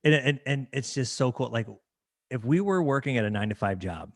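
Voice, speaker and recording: A man's voice: medium pitch, lively intonation, fairly quick, gravelly, dry recording. A man hosting a podcast interview, enthusiastic and prone to stumbling over and repeating words. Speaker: podcast host.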